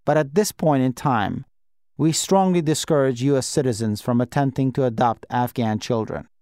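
A man's voice: medium pitch, normal speed, mellow, smooth, no echo, studio quality, close to an everyday voice. A man reading aloud and voicing a middle-aged male embassy official who speaks in a cold, clipped, bureaucratic way. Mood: curt.

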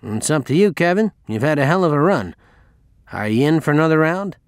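A man voicing a smooth, polite casino dealer who coaxes a player along. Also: a little high, big pitch swings, a little fast, dry recording, studio quality. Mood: coaxing.

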